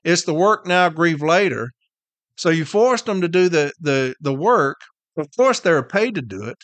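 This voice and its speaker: A tired, irritated man with a drawl rants on his podcast, blunt and profane, pounding each point again and again. His voice sits fairly high for a man. The recording is close and dry, with no room sound. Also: expressive, normal speed, fairly bright tone, no room sound. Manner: blunt, heated, profane, repeats points for emphasis. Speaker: podcast host and union representative. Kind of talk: casual profane rant.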